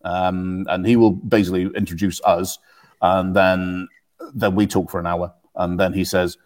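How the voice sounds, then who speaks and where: Guy hosting a podcast, kinda husky, jokes around a lot. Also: sits low, normal speed. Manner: jokey, animated, breaks into playful voices. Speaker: podcast host. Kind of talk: casual chat.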